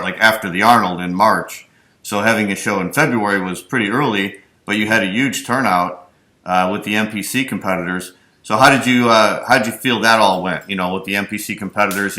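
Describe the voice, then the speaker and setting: A man hosts a casual interview, chatty and encouraging. His voice is lowish but bright and forceful. The room gives it a noticeable echo. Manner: chatty, encouraging, many fillers. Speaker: host, interviewer. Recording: echoey room.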